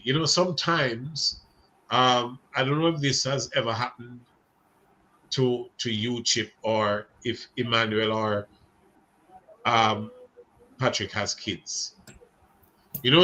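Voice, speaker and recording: A man's voice: mid-range voice, pushed and bright. A man teaching a seminary Bible class in a conversational way, putting questions to students by name.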